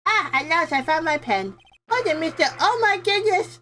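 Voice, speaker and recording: A woman's voice: very high voice, lively intonation, moderate pace, pushed and bright, slight background noise, voice pushed up, heavily acted. A woman voicing a flustered elderly male judge in a video game, fussy and stammering.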